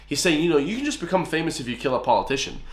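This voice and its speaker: An Irish man hosting a music reaction, excitable and chatty, who keeps calling out to the guys. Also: on the high side, very fast, echoey room. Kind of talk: casual reaction commentary.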